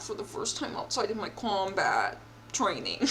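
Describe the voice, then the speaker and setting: A woman's voice: medium pitch, sing-song, a little slow, sharp tone. A young woman streamer reading a text game aloud and reacting, chatty and giggly, with a mock-indignant edge.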